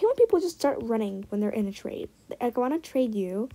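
A young woman giving casual, excitable commentary while trading in a game, often dropping into muttered asides. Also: fairly high pitch, a little fast, rough recording. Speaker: gaming vlogger.

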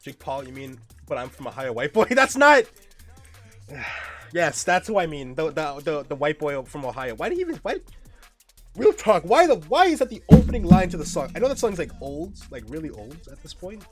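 A man's voice: on the high side, very animated, a little fast, soft background music. A young man streaming a game, chatting casually in a joking, profane way with frequent laughs. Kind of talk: casual gameplay chat.

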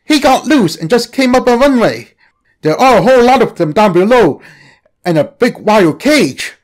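A man voicing an alarmed teenage boy who talks in an urgent, high-strung way. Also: sing-song, moderate pace.

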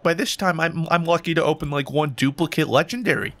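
A man's voice: a little high, quick pace, hardly any pauses, faint music behind. A young American man commentating as he opens loot boxes, bursting into gasps, squeals and hummed tunes. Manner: animated, gasps and squeals at loot drops, sings and hums along. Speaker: gaming YouTuber. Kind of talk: excitable gameplay commentary.

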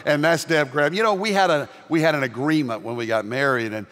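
An older man from the American South with a Southern accent, preaching a sermon as pastor with homespun humor and loud, emphatic rises. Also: on the high side, fast talker. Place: large church sanctuary. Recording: long reverb of a large church.

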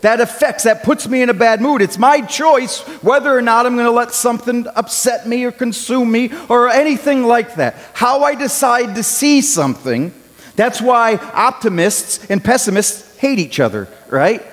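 High-voiced man preaching in a reverberant hall. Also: animated, normal speed. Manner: conversational preaching, rising to loud when acting out cries. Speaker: pastor. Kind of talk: sermon.

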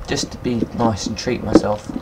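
A young man giving casual, excitable game commentary at his computer, swearing often and talking to himself. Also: fairly low pitch, moderate pace, over a noisy crowd. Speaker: gaming video maker. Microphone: computer mic, no headset.

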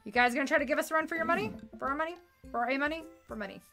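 A woman's voice: sits high, very fast, pushed and bright, soft background music. A young woman streaming a game, chatting casually and reading its text aloud, playful and fond of puns, rambling about food.

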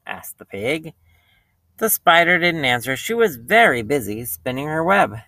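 A male teacher reads a picture book to little children in an unhurried, expressive way. His voice is fairly high and bright with a gravelly edge. The recording is dry and close. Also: dry recording. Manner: slow, expressive storybook reading, puts on animal voices.

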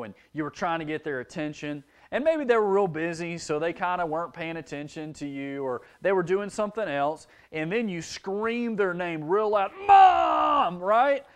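Lively, high-voiced man preaching to children. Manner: animated, expressive, acts out kids' voices. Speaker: children's church teacher. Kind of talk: children's sermon.

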